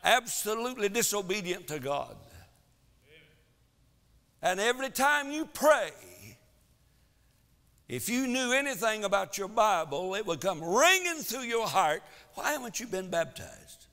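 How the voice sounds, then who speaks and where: Emphatic preacher in a church. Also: male voice, sits high, sing-song, unhurried, pauses often, long reverb tail. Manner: emphatic preaching, swinging between loud exhortation and quiet asides. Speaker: pastor. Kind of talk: sermon. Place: church sanctuary.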